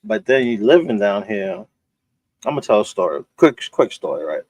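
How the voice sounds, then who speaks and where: A man from New York hosting a casual chat and telling stories in a laid-back way, quick to laugh. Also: on the low side, sing-song, a little mellow, husky. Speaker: podcast host.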